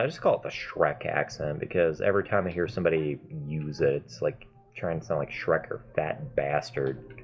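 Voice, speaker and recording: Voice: low-pitched, a little hiss or hum. A gamer in their mid twenties giving chatty, self-mocking gameplay commentary and swearing freely. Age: mid 20s. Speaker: gaming video host.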